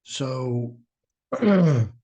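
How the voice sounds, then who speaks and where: A man's voice: medium pitch, drawn-out words, breathy edge. A middle-aged man, host of his own show, telling a personal story casually and acting out the quotes in a raised voice. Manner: animated, acts out quotes in a raised voice.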